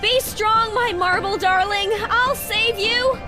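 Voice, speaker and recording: A woman's voice: extremely high pitch, slow pace, loud music behind the voice. A woman voicing a doting, breezy vacationer in a video game. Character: doting woman on vacation with her stone-head sweetheart.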